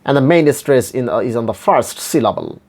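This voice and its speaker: A man teaching pronunciation, repeating each word slowly and spelling it out letter by letter. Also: medium pitch, expressive, darkish tone. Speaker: English phonetics teacher. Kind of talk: slow pronunciation lesson.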